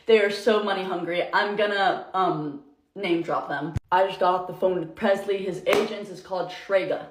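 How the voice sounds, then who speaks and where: Brief: young female influencer, heated profane rant, mid pitch, roomy echo. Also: normal speed, noisy background. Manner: angry, profane, emotional rant. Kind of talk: ranting storytime video. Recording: echoey room.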